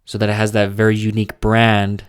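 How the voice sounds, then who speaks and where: A man's voice: fairly low pitch, completely flat delivery, clear, resonant tone, no room sound, studio quality. A young man casually talking through updates on his small businesses, hesitant and full of restarts. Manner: slow, halting delivery with frequent restarts and fillers. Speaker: small business owner vlogging.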